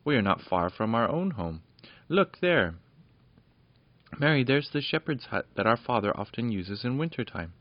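A man voicing a brave, earnest young boy who is quick to anger, reading in a storybook. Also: on the low side, animated, no room sound. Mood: joyful. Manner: earnest, indignant. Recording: dull lo-fi dry recording.

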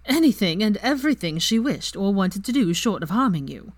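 A woman reading aloud and voicing an excitable, giggly young witch. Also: mid-range voice, brisk, no room sound. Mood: excited.

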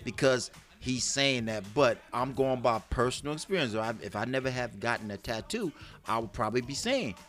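A man chatting casually as a podcast co-host, animated and laughing often as he acts out voices in his stories. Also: medium pitch, brisk, soft background music. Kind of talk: casual chat.

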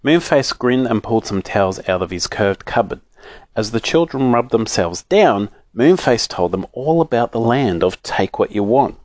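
A man reading a children's storybook aloud in an expressive, animated way. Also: mid-range voice, moderate pace, no echo, clean studio sound.

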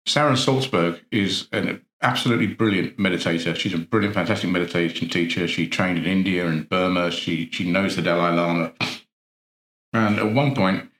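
A man's voice: low-pitched, normal speed, fairly bright tone. A man, an NLP coach, giving an earnest motivational talk full of rhetorical questions and repeated phrases. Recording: roomy echo.

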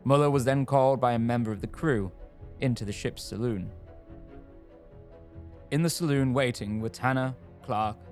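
A man reading a scripted true-crime story in a measured storytelling manner. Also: mid-range voice, darkish tone, soft background music. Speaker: narrator.

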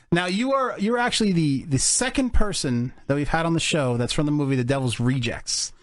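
A man's voice: fairly high pitch, animated, normal speed, no echo. A man hosting a podcast, interviewing a guest in loose, rambling chat full of fillers. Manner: rambling, laughing, many fillers. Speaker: podcast host.

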